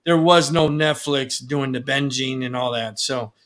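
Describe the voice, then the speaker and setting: A man's voice: mid-range voice, a little slow, fairly bright tone. A man hosting a casual talk show, rambling along with lots of "you know" and "uh". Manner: rambling, many fillers. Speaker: podcast host. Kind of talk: casual chat.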